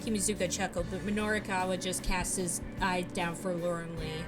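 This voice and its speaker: A young woman hosting a let's play, reading a visual novel aloud with animated, excitable asides, over clear game music. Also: lowish voice, moderate pace, hardly any pauses. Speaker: let's play host and narrator.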